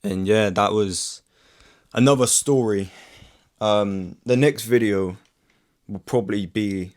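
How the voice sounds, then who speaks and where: Slow and darkish in tone, this young vlogger's voice sits on the low side as he rambles through a sweary story to camera. Fillers fill his speech, "like" most of all, and the camera mic records him.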